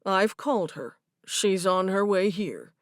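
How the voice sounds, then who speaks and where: A woman voicing a calm grown man who delivers bad news slowly and steadily in an audiobook. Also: medium pitch, no echo, clean studio sound, lightly acted. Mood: somber. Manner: slow, steady, subdued. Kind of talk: audiobook character voice.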